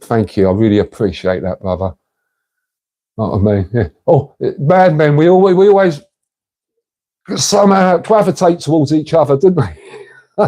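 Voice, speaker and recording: Male streamer, relaxed warm voice, casual chatty host. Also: on the low side. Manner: chatty, matey, reads and answers comments. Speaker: livestream host. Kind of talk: casual livestream chat with viewers.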